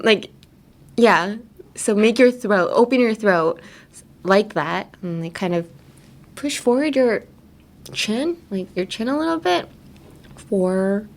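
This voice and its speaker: A woman hosting an English lesson podcast in a radio studio, chatting casually, laughing often and acting out playful pronunciation demos. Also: on the high side. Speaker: English teacher host. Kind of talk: casual teaching chat.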